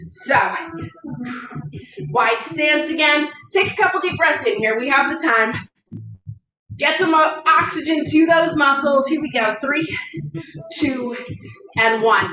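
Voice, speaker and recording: A woman fitness coach leading a workout, encouraging and counting down the reps. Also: high-pitched. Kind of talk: workout instruction. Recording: echoey room, distant mic.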